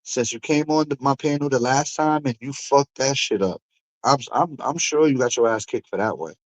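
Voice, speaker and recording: A man's voice: medium pitch, moderate pace, no echo, poor audio. A man hosting a stream, ranting casually and profanely, with mocking asides. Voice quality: animated, profane, mocking impressions. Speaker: streamer host.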